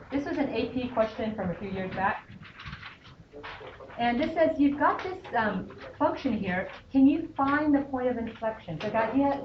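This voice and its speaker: A woman math teacher lecturing a class and checking in often with "okay?". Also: medium pitch. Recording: dull lo-fi sound in an echoey classroom with faint noise.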